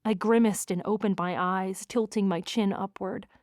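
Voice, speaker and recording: A woman reads a first-person romance audiobook with expressive, wry delivery at a middling pitch. The recording is dry and close, with no room around it. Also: moderate pace, no echo. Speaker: audiobook narrator.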